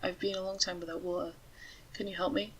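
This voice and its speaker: A woman voicing a parched, bewildered stranded man with a croaking voice in a storybook reading, asking hesitant questions. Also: on the low side, level tone, fast, a little hiss or hum, natural voice, rough recording. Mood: pleading.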